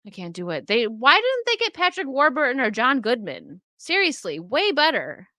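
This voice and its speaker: A woman with a bright, forward voice chats casually on her livestream, answering chat and laughing often. She speaks into a close desk microphone in a dry, dead-sounding room with no echo. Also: high-pitched, wildly swooping pitch, moderate pace. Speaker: streamer chatting with live chat.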